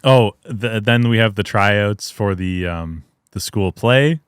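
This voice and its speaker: A man's voice: on the low side, takes it slowly, clean tone, no echo, clean studio sound. A man casually recapping an episode as a podcast host, rambling with lots of fillers and laughs. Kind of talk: casual chat.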